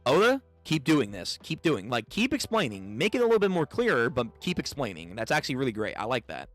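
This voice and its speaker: A man's voice: medium pitch, huge pitch swings, fairly quick, dry recording, soft background music. A young man live-streaming his reaction to a manga chapter, reading it aloud and swearing as he talks back to the page.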